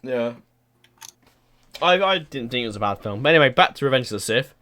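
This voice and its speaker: Casual podcast host, young guy, lively bright voice, jokey, laughs easily. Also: mid-range voice, brisk, a little hiss or hum. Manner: laughs a lot, puts on silly accents.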